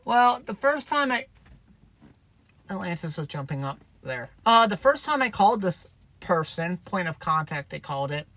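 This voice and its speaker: A man's voice: high voice, sing-song, normal speed, pushed and bright, dry recording, poor audio. A man, a truck driver, chatting candidly on a livestream and telling a story in a rambling way. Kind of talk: livestream chat.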